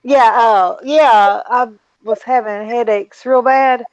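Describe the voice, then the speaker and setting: A woman's voice: fairly high pitch, steady tone, slow pace, no echo. A woman calling into a live stream in casual chat, sounding nasal and congested after nose surgery, easygoing. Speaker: caller. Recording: dry, dull lo-fi line.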